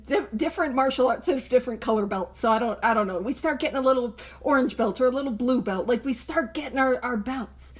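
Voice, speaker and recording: A woman hosting a recovery book study, talking casually and playfully, laughing often and reading passages aloud. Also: high-pitched. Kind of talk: casual explanatory talk.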